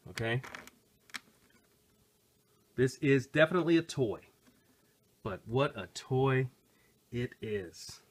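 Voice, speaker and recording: A middle-aged man with a somewhat husky voice talks through a toy review at home. He is excitable and rambling, with chatty asides to the viewers at an ordinary pitch. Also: slow pace, long pauses. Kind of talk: casual hands-on toy review. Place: home recording station.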